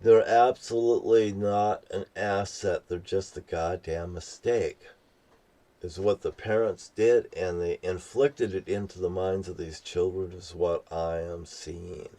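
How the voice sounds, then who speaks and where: A man's voice: deep voice, steady tone, measured pace, warm tone. An older man with a profane, ranting manner, rambling through a personal story he tells as a vlogger. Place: outdoors near a beach. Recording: distant from the mic.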